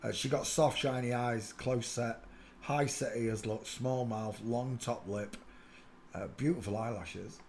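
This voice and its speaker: A man's voice: measured pace, slight background noise. A man hosting a live stream, giving casual, mocking running commentary on pictures and greeting viewers by name. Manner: excitable, breaks into loud high laughter. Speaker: livestream host.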